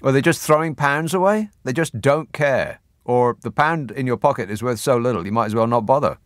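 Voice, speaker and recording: A man's voice: mid-range voice, fairly quick, no echo. A man hosting a radio phone-in, chatting wryly and laughing often, on a studio microphone. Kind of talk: casual radio phone-in chat.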